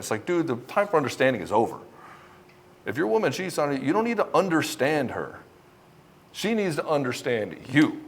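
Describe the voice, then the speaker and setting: A man with a husky, fairly high voice and big pitch swings talks at a moderate pace, coaching other men on relationships straight to camera. He's blunt and confrontational, swears often, and mocks the men he criticizes by mimicking them.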